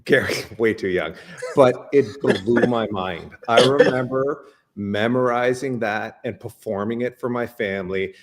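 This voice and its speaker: A loud crowd surrounds this Canadian man as he speaks, unhurried and mid-pitched, as an interview guest. The conversation is casual, and he's animated, with frequent stammering restarts and fillers.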